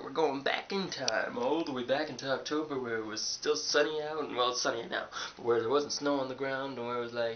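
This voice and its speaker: A young man, a college student, telling a sarcastic, animated story in a casual vlog from his dorm room. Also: medium pitch, brisk. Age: young adult. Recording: dull lo-fi webcam audio with hiss.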